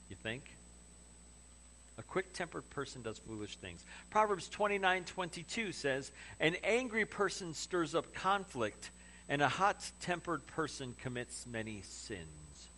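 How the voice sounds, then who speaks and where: A man's voice: a little high, sharp tone, a little hiss or hum. A man preaching a sermon in a conversational way, with humorous asides. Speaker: pastor.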